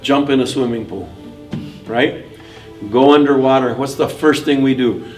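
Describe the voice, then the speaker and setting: An older man giving a vocal workshop, demonstrating his technique by switching between nasal and clear tones. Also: medium pitch, unhurried, faint music behind. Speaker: mariachi vocal instructor. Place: school room during workshop. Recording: distant mic with faint room noise.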